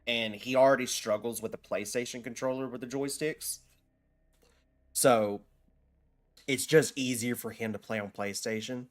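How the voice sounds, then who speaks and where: Streaming a video game, a man talks at normal speed in a medium-pitched voice with fairly even intonation, pausing often. His casual live-stream chat rambles, full of restarts and fillers, as he responds to viewers.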